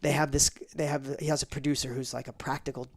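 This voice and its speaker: A man telling stories as an interview guest, animated and full of tangents. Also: mid-range voice, fast. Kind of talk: storytelling in a casual interview.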